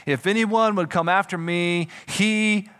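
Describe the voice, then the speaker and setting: Animated preaching pastor, higher voice. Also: male voice, measured pace, smooth. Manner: animated preaching with comic voices for imagined people. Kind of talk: sermon. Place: church.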